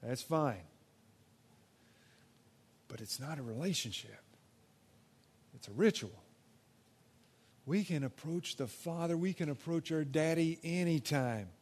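A young man preaching a sermon in a conversational way, moving between loud emphatic stretches and soft, quiet ones. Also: fairly high pitch, expressive, slow, long pauses, husky. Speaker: pastor.

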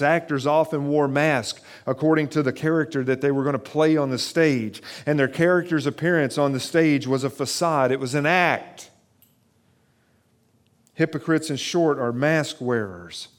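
Earnest male pastor preaching a sermon. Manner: earnest, pleading, with frequent restarts; drops softer and lower for reflective questions.

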